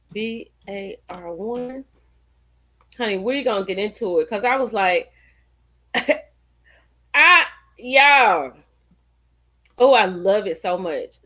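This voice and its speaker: A woman hosting a casual livestream, chatty and animated, calling her viewers y'all and girl. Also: on the high side. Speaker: livestream host. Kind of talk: casual live-stream gossip chat.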